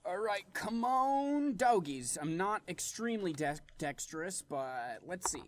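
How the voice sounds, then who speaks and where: A man's voice: high-pitched, sing-song, a little slow, slight background noise. A man playing a tabletop game, eager and stammering, with many repeated starts. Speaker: player.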